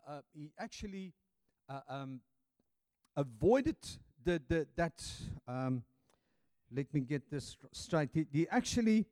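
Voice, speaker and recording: A man preaching a sermon dramatically, swinging from loud passages to hushed ones, with hesitant fillers and restarts. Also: on the high side, no echo.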